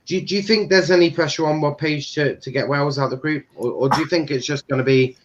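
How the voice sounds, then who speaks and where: A man's voice: on the high side, fast talker, few pauses, muffled recording, slight background noise. A young man giving casual alternative football commentary on a livestream, chatting and putting questions to his listeners.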